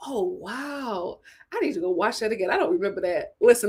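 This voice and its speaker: A young adult woman hosting a casual livestream, reading viewer comments aloud in a chatty, animated way and laughing often. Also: medium pitch, a little fast. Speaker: YouTube show host reading super chats.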